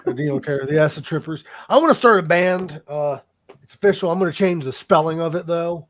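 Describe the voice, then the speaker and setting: A man's voice: a little high, fairly quick. A man hosting a podcast in crude, casual chat, joking with profanity and breaking into laughter. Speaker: podcast host.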